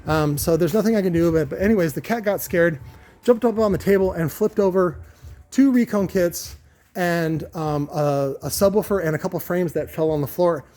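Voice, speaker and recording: A man's voice: sits high, moderate pace, dark tone. A man in his warehouse workshop, rambling in a casual vlog rant, swearing freely and full of fillers and restarts. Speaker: car audio subwoofer builder.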